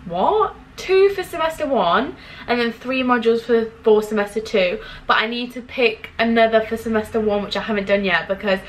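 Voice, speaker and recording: A woman's voice: fairly high pitch, expressive, normal speed, a little hiss or hum, low-quality recording. Chatty young woman vlogging. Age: young adult. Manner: chatty, full of "like" fillers, warm and effusive toward viewers. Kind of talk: casual chat.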